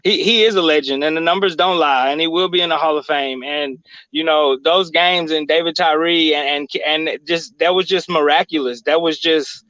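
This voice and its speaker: A man co-hosts a sports podcast and thinks out loud in long, rambling sentences that restart often. His voice is somewhat high, and it comes through dull and lo-fi with no room sound at all. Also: steady tone, moderate pace, dry recording. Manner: rambling, many restarts and fillers. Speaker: podcast co-host. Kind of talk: casual chat.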